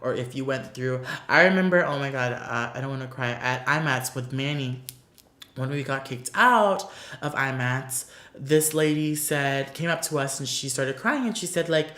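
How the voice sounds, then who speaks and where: A man's voice: mid-range voice, measured pace, pushed and bright. A man from Florida answering fan questions in a casual beauty vlog, gushing and emotional with many "like" fillers, seated before a paper backdrop. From Orlando, Florida, US. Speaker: beauty YouTuber. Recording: roomy echo.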